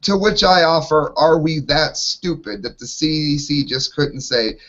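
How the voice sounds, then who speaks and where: A man's voice: a little high, lively intonation, unhurried, a bit bright. A man ranting in an exasperated way while co-hosting an opinionated panel talk show, heard over lo-fi online call audio.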